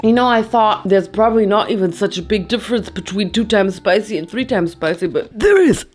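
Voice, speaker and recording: A woman's voice: mid-range voice, brisk, faint music behind. A young woman from Germany with a German accent, reviewing food in a playful, dramatic vlog and laughing often. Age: young adult. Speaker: food vlogger.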